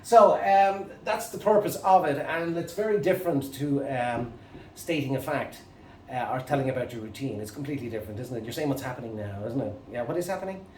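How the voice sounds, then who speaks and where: A man's voice: mid-range voice, a little mellow, slight background noise. Irish man teaching grammar, echoey room. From Ireland. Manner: halting, with many fillers and restarts. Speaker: English teacher. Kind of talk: grammar lesson to camera. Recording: echoey room, mic at a distance.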